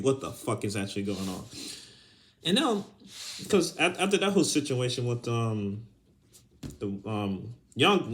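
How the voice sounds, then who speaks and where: Young male podcast host, mid-range voice, loose and profane, heated casual rant. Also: medium pitch. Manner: profane, heated, breaks into laughter. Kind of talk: casual ranting monologue.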